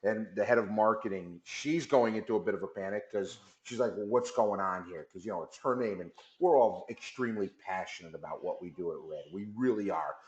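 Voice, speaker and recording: A man's voice: lowish voice, fairly quick, hardly any pauses, roomy sound, dull audio, a little hiss or hum. A man guest on a talk radio interview, telling a story casually and acting out the back-and-forth dialogue. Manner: lively storyteller who acts out dialogue. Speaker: company executive guest.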